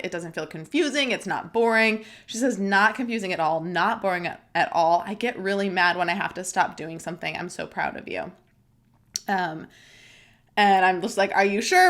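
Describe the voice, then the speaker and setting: At a moderate pace and in a medium-pitched, slightly bright voice, a young adult woman delivers a candid podcast monologue. She is the host, close to the mic, speaking openly and chattily with plenty of fillers while emotional and tearful.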